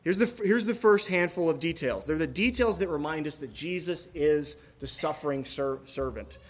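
Conversational pastor, fairly high male voice. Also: expressive, moderate pace. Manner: conversational, joking asides, some fillers. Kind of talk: sermon with scripture reading. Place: church.

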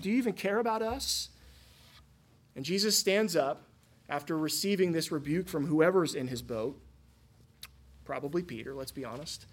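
A man's voice: a little high, breathy edge. A man preaching a sermon in an emphatic, conversational way, often checking in with his listeners through rhetorical questions. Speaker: pastor.

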